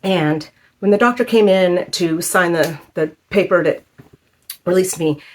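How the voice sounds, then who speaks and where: 50-something woman telling a personal story to camera, kinda halting and emotional, lots of likes and ums. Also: lowish voice. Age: 50s. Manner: emotional, halting, many fillers. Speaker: vlogger.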